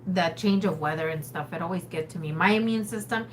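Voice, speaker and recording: A woman's voice: fairly low pitch, fairly quick, a little hiss or hum. A woman co-hosting a casual livestream with a sore throat, chatting directly to viewers. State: sore throat, under the weather. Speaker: livestream co-host.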